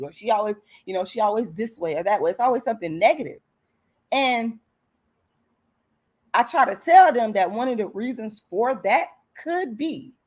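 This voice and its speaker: A woman's voice: mid-range voice, darkish tone. Woman with a slight lisp, earnest vlog talk. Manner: earnest, repetitive, addresses viewers as y'all. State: strained throat. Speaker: commentary vlogger. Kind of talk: casual livestream commentary.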